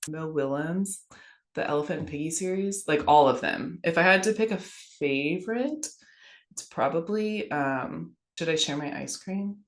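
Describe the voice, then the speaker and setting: A low-pitched woman in her thirties chats casually about picture books, telling little stories and laughing easily. The room around her is echoey. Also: moderate pace. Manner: chatty, warm storytelling, laughs often. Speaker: guest. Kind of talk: casual podcast chat about children's books.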